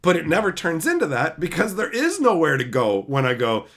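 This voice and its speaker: A male streamer who talks casually to his chat in a raised, lively voice that swings up and down. He is blunt and swears a lot, ranting with heat. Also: on the high side, brisk, hardly any pauses. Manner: blunt, profane, heated ranting; reads viewer comments aloud.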